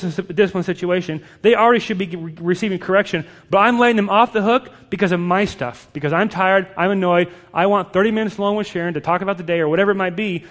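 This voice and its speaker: A middle-aged man preaching a sermon to parents, direct and emphatic, with lively storytelling. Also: fairly high pitch, big-room sound. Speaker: pastor.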